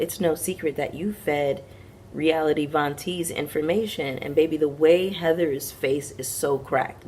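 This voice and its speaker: Low-voiced woman recapping reality TV. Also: slight background noise. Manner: chatty, retells scenes acting out quotes, frank asides to viewers. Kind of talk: casual recap commentary.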